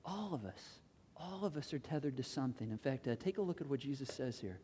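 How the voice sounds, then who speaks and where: A pastor delivers a sermon from a church sanctuary, the voice trailing off into a long, ringing reverb. The delivery is impassioned, with repeated rhetorical questions, and it swings between loud pleading and a hushed intensity. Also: medium pitch, animated, fast talker, a little hiss or hum.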